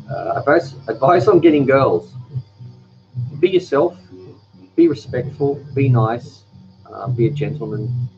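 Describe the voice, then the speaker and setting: A soft-spoken man, chatting casually as a host reading viewer comments on a live stream. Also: fairly low pitch, lo-fi sound. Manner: relaxed, rambling, with pauses. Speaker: cooking channel host.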